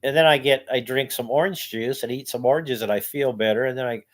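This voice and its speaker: Rambling man in his sixties, halting and ranting. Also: medium pitch. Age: 60s. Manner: halting, many restarts, rises to loud ranting. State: tired, worn out. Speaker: vlogger. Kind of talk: casual rambling monologue.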